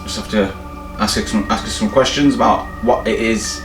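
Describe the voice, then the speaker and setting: A man's voice: on the low side, fairly even intonation, normal speed, reverberant, over music. A man co-hosting a paranormal podcast, chatting casually and joking, often trailing off and repeating himself. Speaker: podcast co-host. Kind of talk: casual chat.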